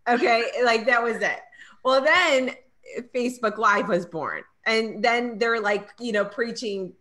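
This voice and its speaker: A woman's voice: a little high, unhurried, sharp tone. A middle-aged woman chatting as an interview guest, telling stories and acting out her own past lines. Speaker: guest, network marketing trainer. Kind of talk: casual interview chat.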